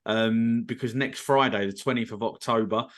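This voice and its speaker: A man's voice: fairly low pitch, steady tone, normal speed. A man hosting a podcast, talking casually and hesitantly, with lots of ums. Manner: hesitant, many ums and sort ofs. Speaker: podcast host. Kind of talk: casual interview chat.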